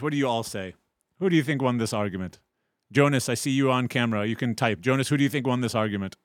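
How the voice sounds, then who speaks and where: Guy teaching an online class, tells the story with energy, acts out the voices loud, dry close mic, pitch right in the middle. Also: fast talker, dry recording. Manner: animated, acts out quoted voices loudly. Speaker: Islamic teacher.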